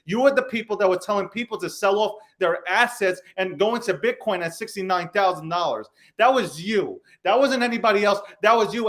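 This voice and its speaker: A man's voice: high-pitched, a bit bright. A man hosting a podcast, ranting angrily and profanely, hammering his points home by repeating phrases. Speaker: show host. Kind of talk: heated crypto podcast rant.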